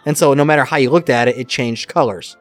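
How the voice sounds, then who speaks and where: A middle-aged man co-hosts a podcast, chatting casually and acting out the lines of people in his stories like an animated storyteller. He talks fast in a mid-range voice, with faint music behind him.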